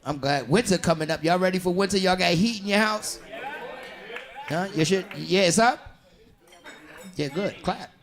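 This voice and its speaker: High-voiced man doing loud crowd work. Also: normal speed, long pauses. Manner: loud, profane, bantering with the audience. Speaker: stand-up comedian. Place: comedy club with live audience.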